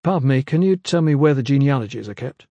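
A man's voice: medium pitch, lively intonation, quick pace, mellow, no echo, dull audio. A man voicing an eager, apologetic young recruit in an audiobook, close to his own voice. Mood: earnest. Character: young man, earnest, awkward student soldier.

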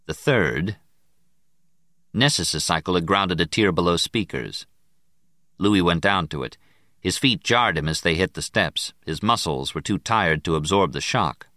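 A man narrating an audiobook in a very deep voice that still rises and falls with plenty of life. He reads in a measured way, slowing down on key words, and the recording is close and dry. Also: pushed and bright, no echo. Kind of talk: scripted narration.

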